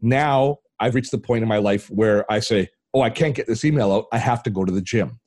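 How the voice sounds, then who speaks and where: An older man from Canada, a tech channel host telling a personal story as an interview guest, acting out the voices in his anecdotes. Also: brisk. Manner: animated storyteller, acts out quoted dialogue with big pitch jumps.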